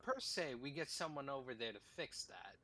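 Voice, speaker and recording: Young male player, casual and offhand, bright, animated, highish voice. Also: a little fast, slightly rough. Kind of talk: casual chat in a tabletop game.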